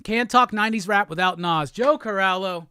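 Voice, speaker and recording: A middle-aged man hosting a casual live stream, excitedly rapping along to old songs and swearing as he chats. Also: sits high, normal speed, a little hiss or hum. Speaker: host.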